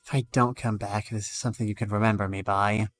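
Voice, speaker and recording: A male streamer reading both sides of a game's dialogue aloud, with some lively rises. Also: fairly low pitch, fast, soft background music.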